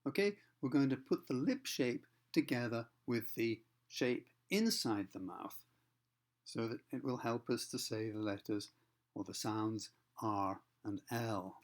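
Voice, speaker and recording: A man teaching pronunciation, explaining patiently, slowing down to demonstrate sounds and often checking in with the listener. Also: medium pitch, expressive. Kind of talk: explanatory lesson for learners.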